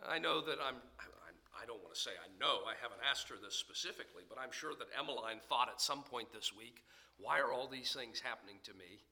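A man preaching a sermon in church as pastor, swinging between loud emphasis and hushed near-whispers. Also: mid-range voice, animated, fairly quick. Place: church sanctuary.

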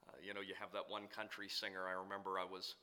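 A young man preaching a sermon, moving between loud emphatic declarations and quieter conversational asides to the congregation. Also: deep voice, completely flat delivery, fast talker, clean tone.

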